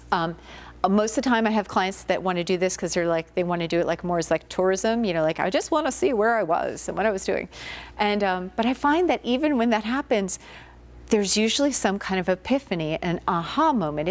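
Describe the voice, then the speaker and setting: Chatty woman lecturing on hypnosis. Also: mid-range voice. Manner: conversational, storytelling with filler words. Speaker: clinical hypnotherapist giving a guest lecture. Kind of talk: informal university lecture.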